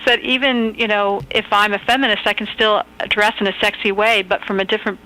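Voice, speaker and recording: Bright, even-toned woman author on a call. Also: mid-range voice, rough recording. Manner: thoughtful, measured, earnest. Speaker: author and phone-in guest. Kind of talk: radio interview. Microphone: phone call.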